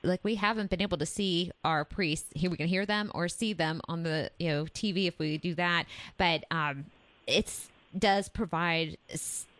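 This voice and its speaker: Woman, very low voice, dry studio sound, brisk and encouraging radio host. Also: a bit bright, no room sound. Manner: brisk and encouraging, frequent fillers. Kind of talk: fundraising radio chat.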